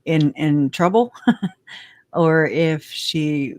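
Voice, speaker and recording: A woman hosting a casual livestream, chatty and giggly, whose voice leaps up high when she gets excited. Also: extremely slow, no room sound. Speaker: livestream host.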